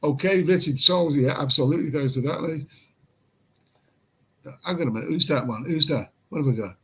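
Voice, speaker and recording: A man's voice: fairly high pitch, brisk, a bit bright, slightly rough, rough recording. A man hosting a late-night livestream and reading chat comments in a casual, rambling way. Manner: rambling, repeats himself, chuckles at chat comments. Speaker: livestream host. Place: room in Pattaya at night.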